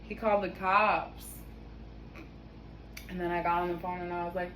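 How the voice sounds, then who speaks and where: A woman's voice: on the low side, little pitch movement, moderate pace, pauses often, fairly bright tone, slight background noise, low-quality recording. A young woman telling a casual story at home, chatty, laughing often and swearing casually. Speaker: vlogger. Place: home kitchen.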